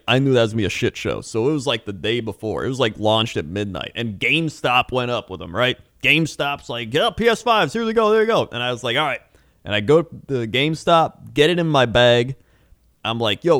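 A man's voice: mid-range voice, fairly bright tone, dry recording, studio quality. A young man co-hosting a casual chat podcast, telling a rambling story with lots of fillers and swearing. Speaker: podcast co-host.

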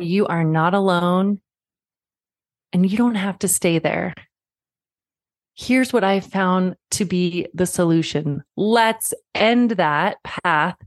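A woman in her thirties hosting a parenting podcast, talking straight to the listener in a warm, reassuring way, like a friend. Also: lowish voice, no room sound, clean studio sound. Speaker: podcast host. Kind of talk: podcast monologue.

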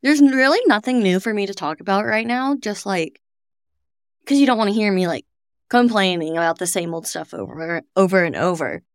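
A woman's voice: mid-range voice, expressive, dry recording. Chatty young woman, dry close mic. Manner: chatty, fast bursts, frequent "like". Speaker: podcast co-host. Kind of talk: casual chat.

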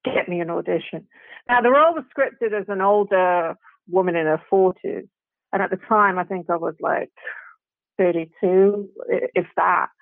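A woman actress, a guest telling lively anecdotes in a casual chat, sprinkling in British slang. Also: medium pitch, moderate pace, dry recording. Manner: chatty, animated anecdotes with British slang and laughs. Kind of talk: casual storytelling interview. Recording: tinny phone line, dry.

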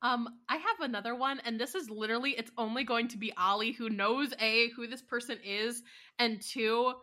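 Bright-voiced woman teasing out hints. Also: on the high side. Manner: teasing, giving hints slowly. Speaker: podcast co-host running a guessing game. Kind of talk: casual chat.

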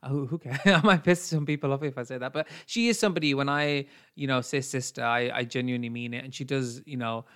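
A man co-hosting a laid-back podcast, speaking with a smooth, resonant clarity at a mid pitch. He is earnest and blunt, and swears freely. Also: fast talker, hardly any pauses, a bit bright. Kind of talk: casual podcast chat.

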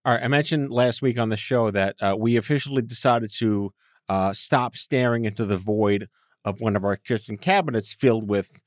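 A man's voice: medium pitch, normal speed, no room sound. Jokey male podcast co-host, dry sound. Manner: joking, goofy asides. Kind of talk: casual chat.

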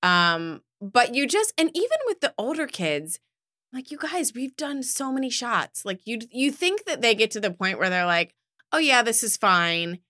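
Chatting casually as a podcast co-host, a woman with a fairly high voice recounts a family story at normal speed. She tells it with animation and performs the voices of each person in it.

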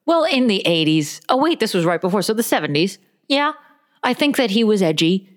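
A woman's voice: mid-range voice, sing-song, brisk. A woman co-hosting a casual comedy chat, playfully reading letters aloud in mock voices. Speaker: podcast co-host.

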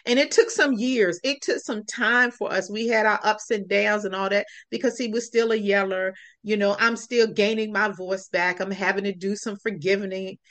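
A woman's voice: mid-range voice, steady tone, normal speed, hardly any pauses, a bit bright. A woman guest on a podcast, telling a personal story in an earnest, reflective way.

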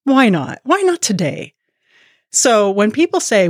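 A woman's voice: on the high side, sing-song, measured pace, no echo, clean studio sound. A woman from the United States hosting a podcast, playful and joking in casual chat. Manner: playful, joking, self-mocking. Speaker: podcast host.

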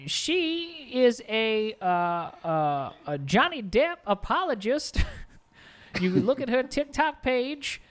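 A man's voice: extremely high pitch, sing-song, slow, fairly bright tone, exaggerated voice. A man doing a rambling drawling lawyer. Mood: accusing. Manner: rambling, hesitant, stumbling courtroom argument. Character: fast-talking male defense lawyer. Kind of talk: improv comedy.

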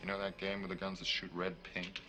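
A man's voice: deep voice, monotone, a little fast. An actor playing a cold male terrorist leader who poses as a hostage, speaking with a German accent in a clipped, commanding way.

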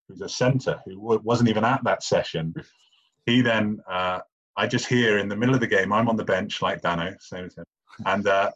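A young man with a posh English accent tells a rugby story in casual podcast chat. His voice sits low and a little husky, and he laughs at himself and restarts sentences as he goes. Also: fairly bright tone, muffled recording. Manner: chatty, self-deprecating, restarts often. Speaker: guest, retired rugby player.

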